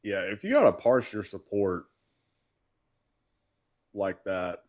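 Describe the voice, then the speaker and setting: A man's voice: fairly low pitch, very animated, takes it slowly, darkish tone. A man in casual chat on a politics stream, speaking in a sardonic way.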